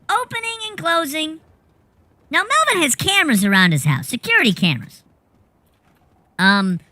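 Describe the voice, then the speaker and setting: Lively, bright-voiced woman telling a story. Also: sits high, dry recording. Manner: rambling, animated, swears casually. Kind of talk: casual anecdote telling.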